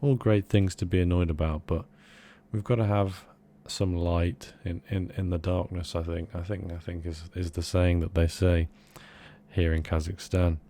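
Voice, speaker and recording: A young man co-hosting a casual comedy podcast, rambling in a mock-earnest, deadpan way. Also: deep voice, moderate pace, a little hiss or hum. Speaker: podcast co-host.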